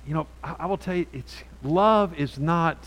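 A man preaching a sermon from a Bible passage, talking in a halting way with many restarts and frequent rhetorical "right?"s. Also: on the high side, a bit bright, low-quality recording.

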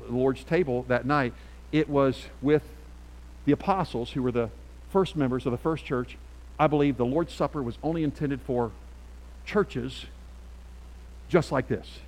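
A middle-aged man preaching a sermon as pastor, emphatic and swinging from quiet asides to loud calls. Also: a little high, low-quality recording.

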